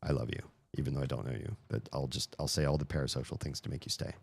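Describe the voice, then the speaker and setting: A man's voice: rumbling low, normal speed, vocal fry. A man in his thirties chatting casually on a live stream, rambling and self-mocking, laughing often.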